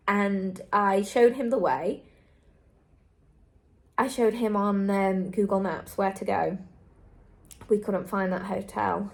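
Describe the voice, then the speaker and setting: A woman's voice: mid-range voice, steady tone, normal speed. A young woman travel vlogger talking candidly and earnestly to camera, repeating herself for emphasis. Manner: earnest, repetitive, heartfelt. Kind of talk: candid vlog monologue to camera.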